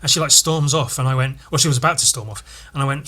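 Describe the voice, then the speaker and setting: A man's voice: medium pitch, fairly even intonation, fast talker, bright, forceful tone, breathy edge. A man hosting a podcast, telling a story casually, rambling, swearing often and laughing at himself. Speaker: podcast host.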